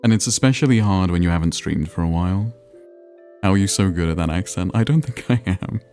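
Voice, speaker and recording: A man livestreams a geography game, rambling casually, poking fun at himself, and answering his viewers' chat messages. His voice sits low and is a little mellow, fairly quick, with soft music playing in the background.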